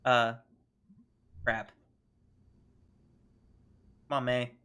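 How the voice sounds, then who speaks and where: A woman's voice: extremely low pitch, flat delivery, drawn-out words, a bit bright, clear, resonant tone. A woman streaming a game, chatting in giggly, rambling asides between reading lines aloud. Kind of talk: casual gameplay commentary.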